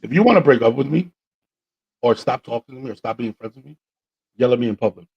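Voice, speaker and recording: A man's voice: mid-range voice, fast, breathy edge, muffled recording. Slangy man hosting a podcast. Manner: animated, slangy, acts out quotes. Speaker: podcast host. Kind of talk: casual storytelling chat.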